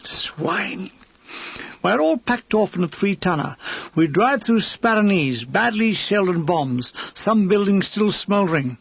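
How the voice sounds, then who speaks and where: A man narrates an audiobook of a war memoir in a dry, wry manner, with a slightly husky voice that sits fairly high. The recording is dry and somewhat dull in tone. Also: sing-song, normal speed, dry recording.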